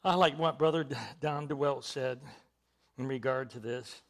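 Repeating key words and questioning his congregation, a man preaches a sermon that moves between near-whispers and loud, emphatic declarations. His voice is mid-range with a steady tone and a moderate pace.

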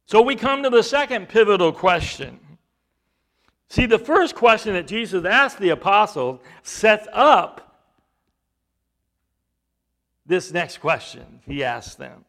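A man preaching a sermon, emphatic, with rhetorical questions and swings between loud and hushed delivery. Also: sits high, expressive, takes it slowly, long pauses.

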